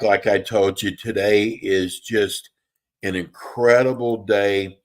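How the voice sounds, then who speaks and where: A man's voice: lowish voice, fairly even intonation, slow, faint music behind. A man hosting a live radio talk show, chatty and folksy, sometimes losing his train of thought. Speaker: host. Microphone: remote call with a bad connection.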